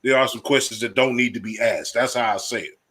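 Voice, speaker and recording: A man with a Southern US accent hosting a casual interview, talking in an animated, slangy way. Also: mid-range voice, quick pace, husky. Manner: animated, lively slang, laughs. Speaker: host.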